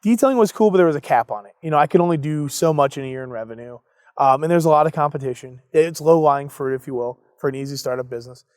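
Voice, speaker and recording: A young man with a fairly high voice tells his story in a relaxed interview, playing out both sides of old arguments. His voice is recorded up close and dry, with no room sound. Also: fast, no room sound. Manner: animated storyteller acting out both sides of conversations. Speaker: entrepreneur guest.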